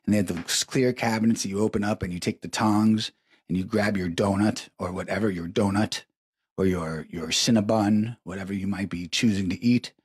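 A middle-aged man, stoned, hosts a live show and rambles through crude, profane stream-of-consciousness stories, repeating words for emphasis. His voice is lowish, husky and steady at a normal speed. The studio-quality audio has no echo.

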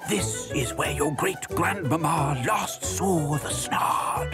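A woman narrating a children's cartoon in a gentle, encouraging, storyteller manner. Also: low-pitched, slow pace, over loud music.

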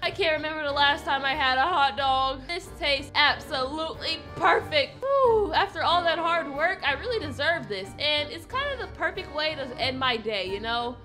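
Very high, bright woman role-playing. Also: animated, moderate pace, few pauses, soft background music. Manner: chatty, pleading, dramatic outbursts. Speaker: role-play channel host. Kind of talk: narrated game role-play, in character.

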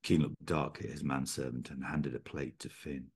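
A man reading his own story aloud in a very deep voice with a husky, breathy grain. His storytelling delivery is measured and steady. The sound comes through a video call. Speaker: author reading own work.

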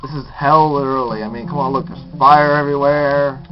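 A man's voice: mid-range voice, fairly even intonation, a little fast. A man commenting on his own gameplay, muttering, exasperated and cursing at his mistakes. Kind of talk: frustrated let's play commentary. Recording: dull lo-fi capture with loud guitar music. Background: guitar music.

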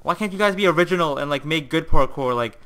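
A young man hosting a gaming video, giving excitable live commentary with frequent swearing and bursts of frustrated yelling. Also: fairly high pitch, quick pace.

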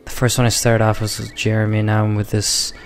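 A man's voice: lowish voice, monotone, brisk, slight background noise. A young man streaming a game, thinking aloud in casual commentary and poking fun at himself. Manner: musing, thinking aloud, self-mocking.

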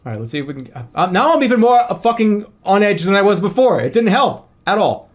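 A man streaming a game, ranting in an exasperated, animated way with lots of swearing. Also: high-pitched, fast. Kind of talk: live game streaming rant.

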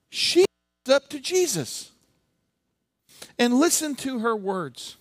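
Animated, slow-paced man preaching. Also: very high-pitched, dry recording. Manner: animated, humorous storytelling. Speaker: pastor. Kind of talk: sermon.

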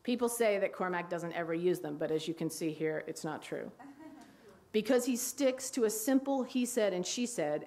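A woman teacher giving a wry talk on writing dialogue, reading passages aloud. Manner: wry, reads quoted dialogue in a hushed low voice. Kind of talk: lecture with read-aloud excerpts. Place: lecture hall.

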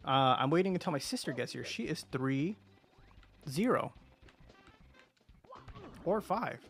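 A man's voice: on the high side, lively intonation, unhurried, soft background music. A man casually commentating as he plays a video game on a livestream, joking around and greeting viewers. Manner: goofy, joking, chatting to viewers. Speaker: streamer.

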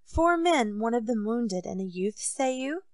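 An excitable, proud king of old France fires off eager questions and orders, as a woman reading an audiobook puts him on. The voice sits fairly high with a gravelly edge. The sound is dry and close. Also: a little slow, dry recording.

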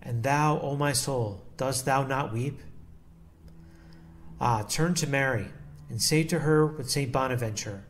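A man reading a devotional text aloud in a slow, solemn and measured way. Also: mid-range voice, slight background noise. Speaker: devotional reader.

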